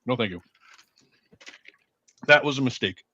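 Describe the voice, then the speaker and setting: A man's voice: medium pitch, a little slow, sharp tone, no echo, muffled recording. A man co-hosting a casual live stream, joking and teasing, with laughs between his remarks. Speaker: co-host.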